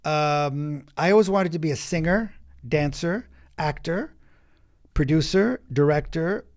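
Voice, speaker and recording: A man with a slightly high voice coaching through stories on a podcast. He talks in emphatic, quick bursts and often restarts a thought mid-sentence. His delivery stays animated and forceful. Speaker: acting coach, podcast guest. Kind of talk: animated interview storytelling.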